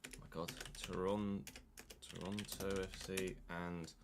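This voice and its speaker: A man's voice: deep voice, level tone, slow, background noise. A man chatting casually on a live stream, muttering asides to himself and to chat.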